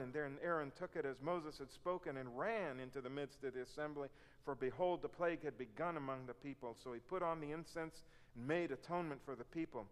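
A man's voice: on the high side, a little fast. A man preaching a sermon, reading scripture and explaining it earnestly, acting out complaints in a raised voice. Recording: long hall reverb.

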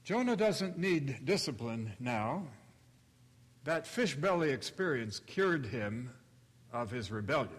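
A male pastor preaching a sermon, telling the story slowly and deliberately and acting out the quotes. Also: medium pitch, very animated, breathy edge. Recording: long reverb of a large hall.

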